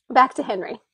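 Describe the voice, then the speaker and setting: A woman co-hosting a book club, animatedly retelling the plot in casual discussion. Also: dry recording. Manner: animated retelling, acting out character lines.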